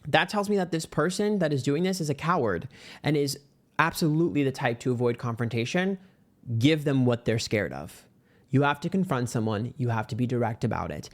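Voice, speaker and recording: A man giving a casual tarot card reading. He is brash, sassy and profane, and his pitch jumps up suddenly for emphasis. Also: lively intonation, brisk. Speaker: tarot reader.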